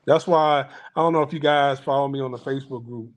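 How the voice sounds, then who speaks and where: This commentary channel host speaks fast at a medium pitch, delivering a casual monologue to his viewers. He rants bluntly, swears, restarts often, and acts out other people's voices when telling anecdotes.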